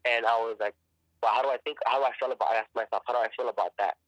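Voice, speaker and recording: A man tells his story in a casual podcast chat, pressing hard on his words and swearing freely. His voice is bright and forceful, and he keeps repeating himself as he finds his way. The sound is dry and close, with no room around it. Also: mid-range voice, steady tone, rapid-fire, no room sound, low-quality recording. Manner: emphatic, profane, repeats and restarts words. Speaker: actor and podcast guest.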